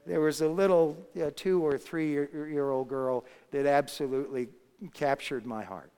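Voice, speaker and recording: A man's voice: a little high, fairly even intonation, normal speed, warm tone, smooth. A man preaching a sermon, telling a story and building to emphatic moments. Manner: storytelling, rising to emphatic peaks. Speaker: pastor. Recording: long hall reverb.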